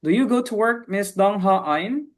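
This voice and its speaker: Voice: mid-range voice, lively intonation, moderate pace. An English teacher running an online class, encouraging and patient, often saying "okay, very good". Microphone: video call.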